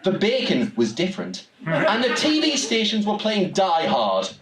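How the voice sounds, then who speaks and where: A man's voice: high-pitched, wildly swooping pitch, a little slow, a loud crowd. A young man from Newcastle with a Geordie accent, telling a wry, comic story live on stage in a small venue. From Newcastle, England. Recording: roomy room, distant mic, audience.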